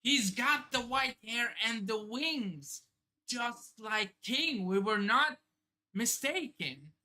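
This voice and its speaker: A woman streamer with a bright, sharp voice pitched a little high, reacting live to a comic. She talks slowly and thinks out loud, breaking into exclamations and casual swearing. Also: animated. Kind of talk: excited live reaction commentary.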